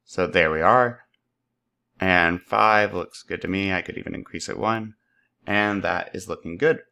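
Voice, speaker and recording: Man, tutorial teacher, upbeat and playful, fairly low voice, desk mic. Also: measured pace, creaky, sharp tone, clear, resonant tone. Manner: upbeat, playful sound effects. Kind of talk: screen-recorded tutorial.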